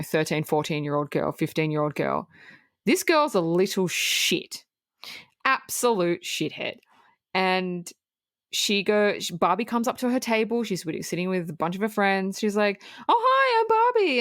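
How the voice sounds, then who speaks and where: A woman's voice: medium pitch, no room sound, studio quality. Blunt, profane woman recapping a film. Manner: blunt, profane, animated recapping with quoted asides. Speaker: podcast co-host. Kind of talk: casual film review chat.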